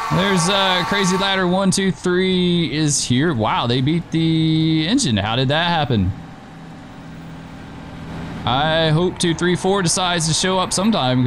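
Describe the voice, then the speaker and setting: Chatty man narrating gameplay, game noise behind. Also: on the high side. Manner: chatty, laughs easily, talks to in-game drivers. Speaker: gameplay streamer. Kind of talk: casual gameplay commentary.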